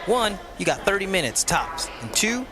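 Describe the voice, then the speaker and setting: An eager young cop, played by a man, speaks in a fairly high, friendly, hurried voice. Clear background noise runs behind him. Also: big pitch swings. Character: eager young male police officer friend. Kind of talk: comedy audio drama.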